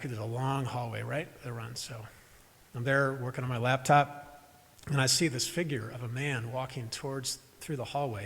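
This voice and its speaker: In an echoey church sanctuary during a live service, a pastor with a medium-pitched, slightly bright voice and vocal fry delivers his sermon. He recounts a personal story in a conversational way, with self-deprecating remarks to the congregation.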